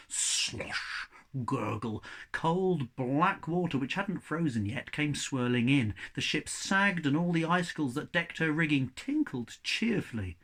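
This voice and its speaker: Lively, expressive man reading aloud. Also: fairly high pitch, slow. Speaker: teacher reading to children. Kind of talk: reading a children's story aloud.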